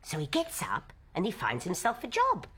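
An actress playing a tough, worn-down middle-aged housewife who talks bluntly and plainly about hard times. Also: female voice, fairly low pitch, huge pitch swings, normal speed, pushed and bright, slight background noise, heavily acted. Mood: weary. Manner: blunt, matter-of-fact, worn down. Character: tough weary working-class London housewife. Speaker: wife and host of old friends. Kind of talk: stage drama dialogue.

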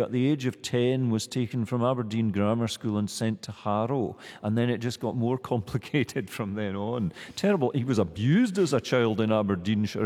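A man speaking as a guest scholar in a discussion, thoughtful and halting, with frequent restarts. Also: mid-range voice, a little mellow, long reverb tail.

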